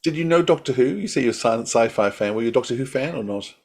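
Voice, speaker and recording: Male host, mid pitch, husky tone, chatty interviewer. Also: animated, fast talker. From Australia. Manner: warm, complimentary, rambling questions. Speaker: podcast host. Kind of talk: podcast interview.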